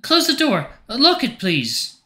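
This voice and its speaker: A man's voice: extremely high pitch, wildly swooping pitch, slow, pushed and bright, roomy sound, pitched above the performer's own voice, heavily acted. A man voicing a withdrawn, secretive young woman who gives short, clipped requests in a story game. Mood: guarded.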